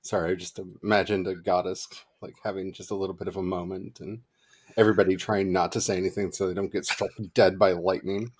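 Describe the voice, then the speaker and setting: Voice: deep voice, a little fast, a little hiss or hum. A co-host in casual chat, telling stories with lots of giggling. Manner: giggly, animated storytelling.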